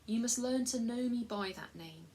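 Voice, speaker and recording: Storybook lion read by a woman, majestic guy, talks soft and serious, a touch higher than normal. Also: normal speed, a little hiss or hum, close to an everyday voice, poor audio. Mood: gentle, grave. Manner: gentle, grave and tender. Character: majestic gentle male lion.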